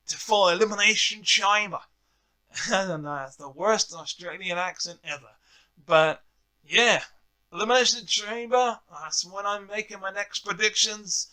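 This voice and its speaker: High, bright-voiced excitable man. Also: measured pace. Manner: excitable, thinks aloud, swears when excited. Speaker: wrestling reviewer vlogger. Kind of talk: casual spoken review.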